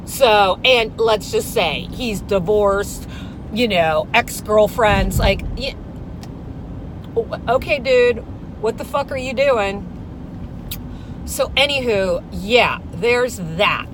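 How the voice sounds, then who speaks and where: A woman ranting casually, swearing freely and telling a story with loud quoted outbursts. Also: fairly high pitch, noisy background. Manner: profane, animated storytelling with shouted outbursts. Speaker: vlogger. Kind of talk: casual rant.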